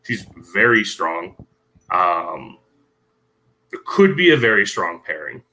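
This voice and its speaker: A man guests on a casual podcast and talks about the topic with clear knowledge. His voice sits low but has a very sharp, bright edge. He speaks in a measured way and often says um. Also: very animated, rough recording. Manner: knowledgeable, measured, many ums.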